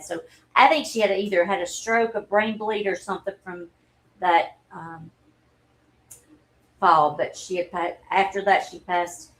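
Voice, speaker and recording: A woman, telling a personal story in a halting, earnest and openly emotional way on a livestream. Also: on the low side, fairly bright tone, poor audio. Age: 40s. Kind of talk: candid personal livestream talk.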